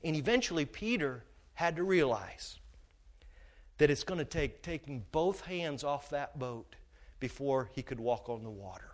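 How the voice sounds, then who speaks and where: A man preaching a sermon as pastor, emphatic, swinging from shouted peaks to hushed asides. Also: on the high side, expressive, measured pace.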